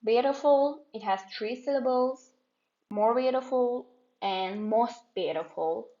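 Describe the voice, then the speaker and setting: A woman teaching an English grammar lesson, explaining step by step with repeated examples and short pauses. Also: a little high, dark tone. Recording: slightly dull lo-fi audio.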